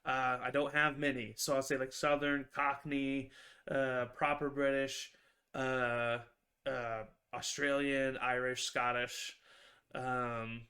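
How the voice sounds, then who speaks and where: A man's voice: mid-range voice, level tone, slow pace, bright, forceful tone. Guy on a video call rambling thru his game master notes, lots of ums and likes. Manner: rambling, many fillers and restarts. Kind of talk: casual video-call interview.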